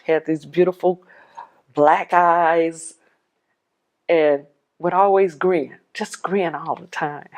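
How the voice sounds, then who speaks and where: A woman telling her own life story as a personal testimony, animated and laughing often, dropping her voice when she quotes others. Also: lowish voice, takes it slowly, long pauses.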